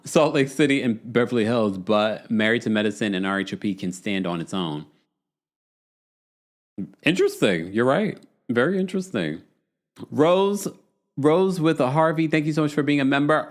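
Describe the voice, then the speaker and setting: A man's voice: mid-range voice, lively intonation, moderate pace. A man hosting a live-streamed reality show recap, chatting casually, reading viewer comments and acting out quotes with laughter. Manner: chatty, laughs often, acts out quotes in raised voices. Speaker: podcast host.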